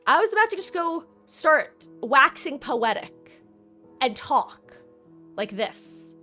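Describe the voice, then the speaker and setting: A woman with a bright, sharp-edged voice talks through her video game stream, chatty and theatrical. She addresses her viewers and the game itself as she plays, and soft music sits faintly underneath. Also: high voice, big pitch swings, takes it slowly. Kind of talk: casual gameplay commentary.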